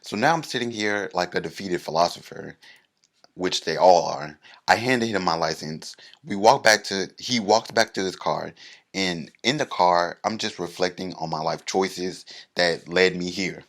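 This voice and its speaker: A man with a very low, deep voice tells a stand-up story about himself. He mocks himself and lands each beat with animated comic timing. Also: unhurried. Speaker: comedian.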